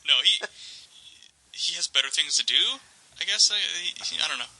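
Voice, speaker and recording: A man hosting a podcast in casual chat, telling stories with animated delivery, acting out the voices he quotes and laughing often. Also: on the high side, a little fast, husky, low-quality recording. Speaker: podcast host.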